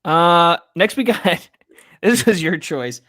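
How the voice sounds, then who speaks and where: A man's voice: sits high, expressive, takes it slowly, sharp tone. A young man co-hosting a casual podcast, chatting and laughing easily while ranking party foods. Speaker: podcast co-host.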